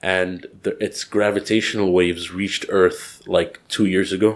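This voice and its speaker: A man's voice: low voice, level tone, measured pace. A man co-hosting a casual podcast chat, talking eagerly and rambling. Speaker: podcast co-host.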